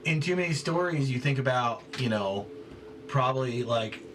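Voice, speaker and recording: A man's voice: medium pitch, normal speed. A man chatting animatedly with other players about his character's backstory. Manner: animated, chatty, lots of fillers. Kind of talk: casual chat among tabletop players. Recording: distant mic with clear background noise.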